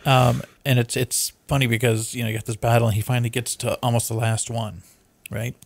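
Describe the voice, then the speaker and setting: A man's voice: medium pitch, a little fast, gravelly, dry recording. A man hosting a casual podcast, rambling and swearing as he retells movie plots. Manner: rambling, profane, animated storyteller. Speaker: podcast host.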